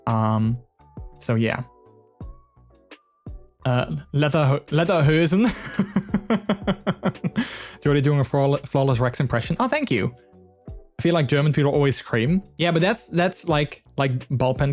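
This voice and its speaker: A man's voice: mid-range voice, moderate pace, long pauses, darkish tone, faint music behind. A man streaming live and chatting casually with his viewers, giggly and talkative, speaking into a headset mic. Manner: chatty and giggly, many fillers and restarts.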